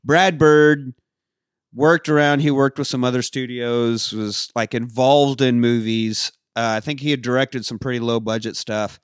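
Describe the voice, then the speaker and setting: A man's voice: mid-range voice, steady tone, unhurried, clean tone, no room sound, clean studio sound. A man hosting a casual movie-review podcast, talking loosely and swearing and laughing often. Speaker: podcast co-host.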